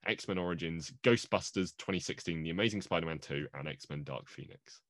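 A man's voice: low voice, a little fast, fairly bright tone, no room sound, clean studio sound. A man co-hosting a casual movie podcast, joking and playful, often laughing. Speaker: podcast co-host.

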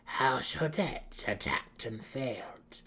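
An ancient, withered dark elf matriarch in a fantasy story reading, given voice by a man. She speaks very slowly, half-hushed and husky, with unhurried command. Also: mid-range voice, expressive, voice pushed up, exaggerated voice. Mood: cold authority.

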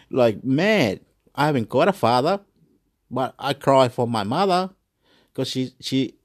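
Australian man, casual solo chat, rambling and repetitive, swears freely. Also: medium pitch. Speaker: vlogger.

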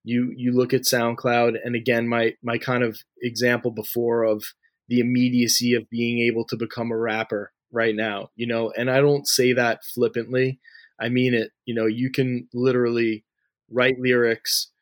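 Man with a flat, chatty delivery. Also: mid-range voice, moderate pace, no echo. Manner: loose and talky, heavy on fillers like "you know" and "like", frequent restarts. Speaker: interview guest, music industry figure. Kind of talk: conversational interview answers.

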